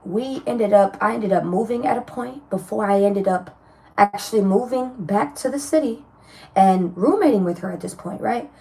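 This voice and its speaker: Blunt, chatty woman with a mellow voice. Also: medium pitch, moderate pace, creaky. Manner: chatty, blunt, animated, laughs often, swears freely. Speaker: tarot reader. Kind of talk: casual spoken tarot reading to viewers.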